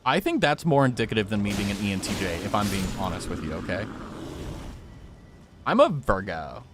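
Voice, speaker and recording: Jokey streamer man with a lively pitch. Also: brisk, music in the background. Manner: jokey, rambling, reacts aloud to the game. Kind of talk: casual gaming stream chat.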